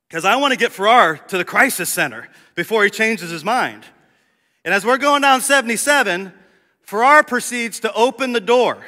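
A male pastor preaching a sermon, telling a story with lively acted-out dialogue. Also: a little high, long reverb tail. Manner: animated storyteller, acts out dialogue. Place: church sanctuary.

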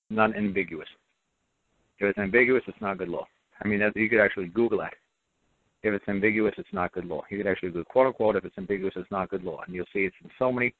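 A man's voice: lowish voice, vocal fry, dry recording. A man hosting a call-in radio show, talking bluntly and emphatically and repeating his points. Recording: dry, tinny phone-like audio.

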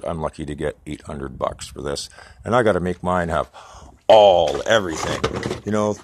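A low-voiced man from Canada talks straight into the camera from his workshop. He rambles and swears nonstop, agitated and restless as he jumps from topic to topic. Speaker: self-employed model builder. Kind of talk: angry ranting vlog.

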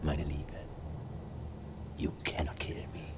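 An actor playing an arrogant male Nazi officer in a video game cutscene, speaking in a slow, contemptuous, taunting way. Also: rumbling low, completely flat delivery, noisy background.

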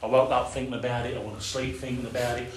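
A man's voice: medium pitch, little pitch movement, fast talker, a little hiss or hum. A man preaching a sermon, earnest and impassioned, in plain everyday speech. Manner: earnest, rising to impassioned, with everyday dialect grammar. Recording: echoey room.

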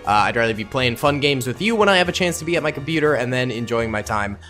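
A young man giving excitable, casual commentary over a battle game, with sudden loud outbursts and slang. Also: mid-range voice, quick pace, soft background music. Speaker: gaming YouTuber.

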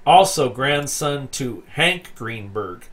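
A man slowly reading articles aloud for a video, stumbling over words and adding amused asides. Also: medium pitch, expressive, a bit bright. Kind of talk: casual read-aloud commentary.

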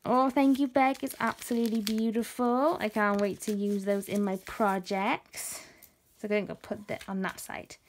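A woman's voice: medium pitch, fairly even intonation, moderate pace, a little hiss or hum. A woman chatting casually as she unboxes craft mail, gasping and gushing with delight. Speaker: craft vlogger.

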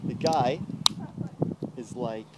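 A man telling a personal story in an animated, heavily profane way, acting out what people said in raised voices. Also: drawn-out words. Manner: swears constantly, acts out quotes in high voices. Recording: loud background noise.

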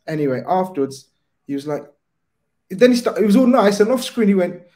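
A man's voice: high voice, animated, a little fast, warm tone. A man, a guest in a casual football chat, telling stories animatedly and swearing freely.

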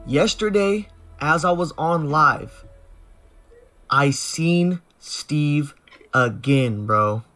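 A man's voice: a little high, drawn-out words, pushed and bright, soft background music. A young man from the Sacramento area, talking to his live-stream chat in slang. He sounds nervous, and he keeps swearing oaths. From Sacramento area, California. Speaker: prank video maker streaming live.

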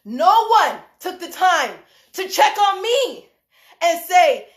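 A woman hosting a heated live stream rant from a room indoors. She is animated and emphatic, laughs often, swears, and repeats her points. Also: very high voice, extremely slow. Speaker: livestream host, dance choreographer. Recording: echoey room.

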